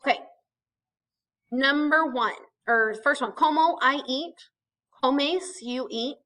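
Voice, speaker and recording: A woman's voice: high voice, takes it slowly, sharp tone, poor audio. A woman, a teacher explaining a lesson step by step, often saying "okay" and "um.". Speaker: Spanish teacher. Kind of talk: recorded lesson narration.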